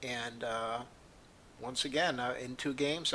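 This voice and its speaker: A man's voice: medium pitch, moderate pace, sharp tone, a little hiss or hum. A man giving casual, rambling gameplay commentary, opinionated and full of fillers and restarts, with the hiccups. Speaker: gaming video creator.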